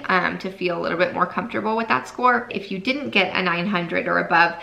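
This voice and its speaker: Young woman vlogger, lowish gravelly voice with a bright edge, rambly filler-heavy chat, near tears. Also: rough recording. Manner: chatty, lots of fillers like "like" and "freaking". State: tearful, holding back crying. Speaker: nursing student vlogger. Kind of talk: casual talk to camera.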